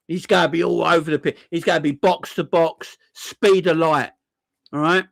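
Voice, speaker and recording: A man rants about his team in sarcastic, repetitive bursts, swearing freely as he goes. His voice sits a touch higher than most men's, and the recording is dry and close, with no room sound. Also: fairly even intonation, normal speed, creaky, no room sound. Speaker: football fan channel host. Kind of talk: ranting fan commentary.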